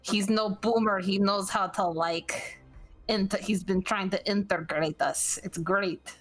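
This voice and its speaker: A woman player speaking in character in a tabletop game, hesitant and stammering but excitable. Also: medium pitch, measured pace, soft background music, low-quality recording.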